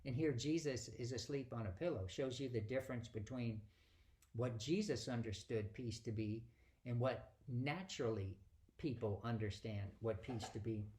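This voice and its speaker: A man's voice: mid-range voice, a little mellow. A man giving a conversational Bible teaching, asking rhetorical questions and acting out quoted dialogue.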